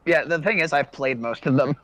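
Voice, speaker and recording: A man with a high voice hosts a relaxed group podcast. He talks in a halting way, with plenty of ums, restarts and repeated words. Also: crowd noise, poor audio. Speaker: podcast host. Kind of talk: casual panel chat.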